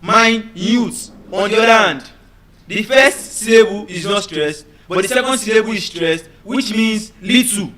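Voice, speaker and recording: A man giving a classroom lecture, deliberately repeating words and often checking whether his students understand. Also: high-pitched, bright, forceful tone. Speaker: teacher.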